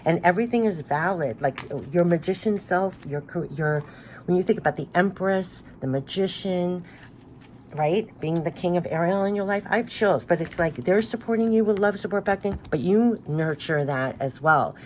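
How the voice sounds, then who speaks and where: A woman's voice: lowish voice, moderate pace, darkish tone, slight background noise. A woman giving a spiritual tarot card reading, talking in an earnest, emotional, rambling way with many restarts.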